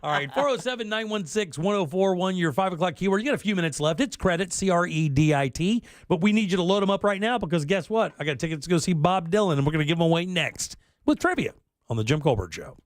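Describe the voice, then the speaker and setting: Joking radio host, lively voice. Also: male voice, sits high, fast talker. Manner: loose, joking, reads out the text line. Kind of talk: casual comedic radio banter. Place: radio studio.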